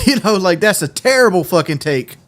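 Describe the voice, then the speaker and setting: A man's voice: high voice, expressive, normal speed, fairly bright tone. A man streaming a game, chatting casually in a rambling, profane way and often laughing. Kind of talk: casual livestream chat.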